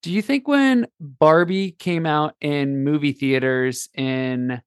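A man's voice: on the high side, slow, few pauses, clean tone, dry recording, studio quality. A man hosting a casual podcast, playful and rambling, with many fillers. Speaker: podcast host. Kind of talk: casual chat.

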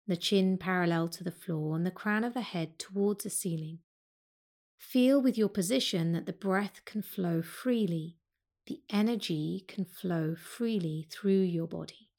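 A woman teaching yoga, speaking slowly and calmly as she guides a breath meditation. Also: lowish voice. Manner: slow, calm and soothing.

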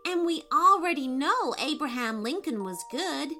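Woman voicing a casual young girl, slow and high, storybook. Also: lively intonation, sharp tone, faint music behind, exaggerated voice. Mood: easygoing. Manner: easygoing, shrugging.

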